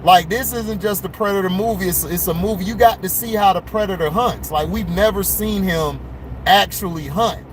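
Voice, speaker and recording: Excitable man chatting from his car. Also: high voice, normal speed, slight background noise. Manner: loose, excitable, repeats himself. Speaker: vlogger reviewing a movie. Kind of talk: casual chat while driving. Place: in a car on delivery rounds.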